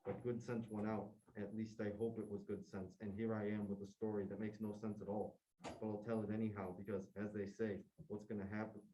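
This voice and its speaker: A man's voice: lowish voice, level tone, a little fast, dark tone, slight background noise, close to an everyday voice. A young man, a student in a classroom, reading the part of a nervous, rambling male sentry and stumbling over words as he goes. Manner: rambling, stumbling read-aloud. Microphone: distant room mic. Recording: dull, distant classroom recording.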